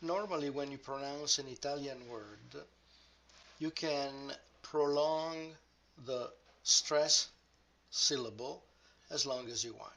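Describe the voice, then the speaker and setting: A man teaching a pronunciation lesson, speaking slowly and deliberately and drawing out example words. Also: mid-range voice, creaky, sharp tone. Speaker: language teacher. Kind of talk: grammar lesson.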